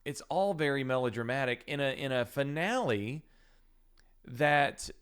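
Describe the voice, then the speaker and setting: A man with a smooth, clear voice at a middle pitch reviews a film in a loose, chatty way. He talks bluntly and swears now and then, stumbling through restarts and fillers as he goes. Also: lively intonation, unhurried, a bit bright. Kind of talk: casual movie review rant.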